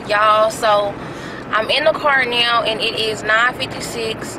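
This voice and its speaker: A young woman vlogging in a casual, chatty way from inside a car, excitable and freely swearing while she drives. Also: fairly high pitch, a little slow, background noise. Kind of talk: casual vlog chat.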